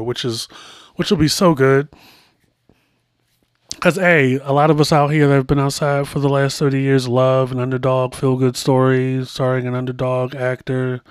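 A man's voice: medium pitch, smooth, no room sound, clean studio sound. Chatty man hosting a podcast. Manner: chatty and rambling, full of asides. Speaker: podcast host. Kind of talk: casual commentary.

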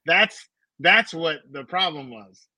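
Measured man with a bright, dry voice. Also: fairly high pitch, animated, no room sound. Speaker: podcast co-host. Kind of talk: casual reality-TV recap chat.

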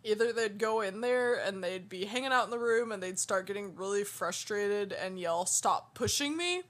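A woman's voice: medium pitch, fairly even intonation, normal speed. Female podcast co-host, casual and giggly, reading her research. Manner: laughs often, reads details aloud.

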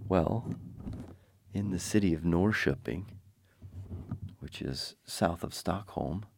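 Slow, gravelly low-voiced man. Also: a little mellow, no echo. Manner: wry, self-deprecating humor; digressive, frequent restarts. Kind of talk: rambling personal anecdote.

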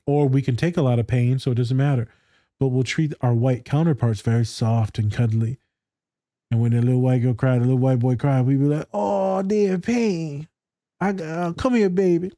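A man talks candidly in a casual podcast chat, swearing freely and laughing. His voice is mellow and warm at a middle pitch. The sound is dry and close. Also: steady tone, fairly quick, dry recording. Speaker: co-host, therapist.

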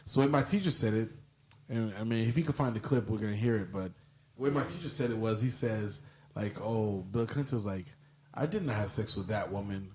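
A man telling rambling stories in a relaxed casual chat, laughing often. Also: on the low side, fairly quick, reverberant. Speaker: podcast guest telling stories.

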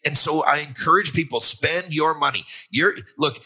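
A man's voice: on the high side, moderate pace, bright, forceful tone, husky, poor audio. An older man, a guest author, explaining retirement money in an emphatic, storytelling way with repeated refrains. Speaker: guest author on a finance show. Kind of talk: conversational interview, explanatory.

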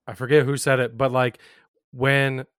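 Male podcast host, calm and reflective, middle pitch, dry recording. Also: moderate pace, clear, resonant tone, dry recording. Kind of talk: casual interview chat.

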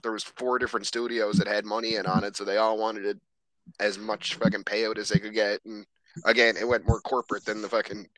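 Low-voiced man ranting with heavy swearing. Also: little pitch movement, brisk, fairly bright tone, no echo. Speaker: podcast co-host. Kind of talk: casual chat.

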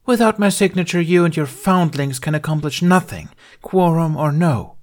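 A composed woman Jedi, put on by a male reader in a fan fiction audiobook. Her voice sits high and cool, pressing points with calm force. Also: normal speed, close to an everyday voice. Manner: mild, cool.

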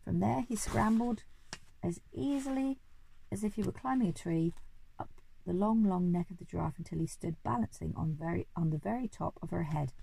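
A woman's voice: on the low side, moderate pace, creaky, dark tone, husky, poor audio. A woman reading a children's story aloud expressively, now and then correcting small slips.

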